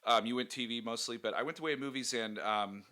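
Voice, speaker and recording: A man's voice: mid-range voice, fast talker, bright, forceful tone. A man co-hosting a casual podcast, joking and rambling with lots of fillers and laughter. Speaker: podcast co-host.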